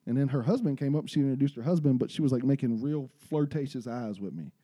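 A man's voice: medium pitch, fast talker, breathy edge. A man in his twenties with a Texan accent, telling rowdy stories in casual slangy chat. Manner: animated, slangy, swears. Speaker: podcast guest telling stories.

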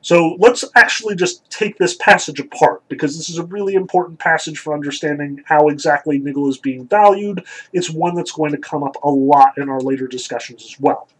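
A man's voice: a little high, fairly quick, few pauses, a bit bright, husky, rough recording. A man giving a lecture, reading and analyzing passages from a story in a thoughtful, explanatory way with frequent ums and likes. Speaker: literature lecturer.

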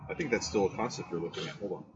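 A man co-hosting a casual motorcycle chat, chiming in with quick agreements. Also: low voice, a crowd in the background. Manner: quick to agree, chimes in with short replies. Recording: muffled sound.

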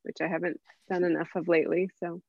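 A candid, rambling woman from San Diego talks as a guest chef, her voice sitting slightly low. Her sound is muffled and dull, recorded close and dry without room echo. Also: flat delivery, fast talker, gravelly. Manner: candid, rambling, laughs often and swears. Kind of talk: casual conversational interview.

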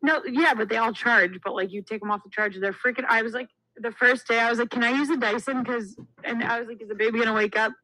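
A woman in her twenties, co-hosting a casual chat podcast and telling stories in an animated way, acting out the quotes. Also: on the high side, fast talker, few pauses, rough recording. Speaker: podcast co-host.

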